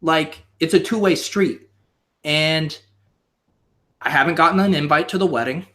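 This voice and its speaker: Theatrical man, higher voice, mock-sincere. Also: measured pace, pushed and bright. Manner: theatrical, mock-emotional, rambling. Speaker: stream guest. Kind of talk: comedic live stream chat.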